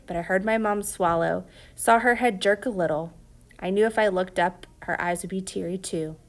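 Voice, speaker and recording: A woman narrating an audiobook in a quiet, reflective way, sometimes dropping to a whisper. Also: mid-range voice, normal speed.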